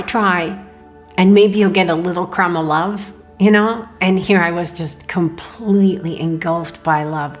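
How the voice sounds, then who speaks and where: A woman recounting a personal experience in an earnest, emotional way, quoting her own thoughts. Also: medium pitch. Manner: earnest, emotional retelling with quoted inner thoughts. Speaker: near-death experience storyteller. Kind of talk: personal testimony.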